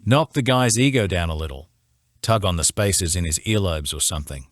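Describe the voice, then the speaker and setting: A cocky, teasing young man from a storybook, quick with a joke and never serious for long, as a male narrator puts him on. His voice sits low and deep, recorded close and dry. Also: animated, no room sound. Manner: playful, teasing. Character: joking brash young man, teasing friend.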